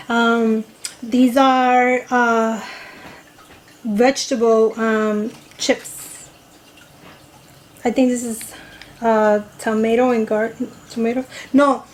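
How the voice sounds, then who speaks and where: A woman's voice: on the high side, darkish tone, slight background noise, poor audio. A young woman vlogger chatting casually, telling a story and eating on camera, rambling with lots of fillers. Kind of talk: casual storytime and mukbang chat.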